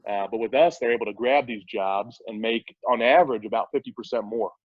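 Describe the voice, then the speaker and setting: A man's voice: mid-range voice, fairly quick, dry recording. A man speaking as a startup CEO guest in a casual interview, eager and explaining at length with frequent restarts. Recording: dull, dry lo-fi audio.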